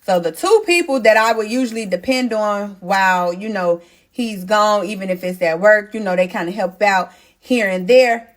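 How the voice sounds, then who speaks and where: This is a young pregnant woman in a casual storytime, talking straight to her viewers. She is animated and blunt and swears freely. Her voice sits at a middle pitch for a woman. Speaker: storytime host.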